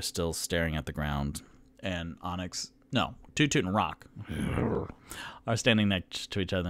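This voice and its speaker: A man's voice: sits low, fairly bright tone. A man narrating a solo tabletop game as game master, in a casual, rambling way that often corrects itself.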